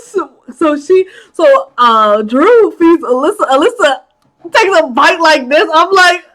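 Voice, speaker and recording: Chatty high-voiced woman recapping a movie. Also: moderate pace. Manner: animated, chatty, laughs often, acts out characters' lines; many filler "like"s. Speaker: movie commentary host.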